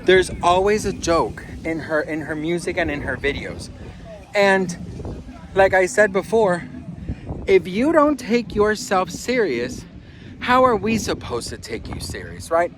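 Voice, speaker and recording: In a casual gossip commentary about celebrities, a sassy, animated man calls his listeners "girl" and "best friend" while reading an article aloud and adding his own asides. His voice is high-pitched and measured in pace, with noise in the background.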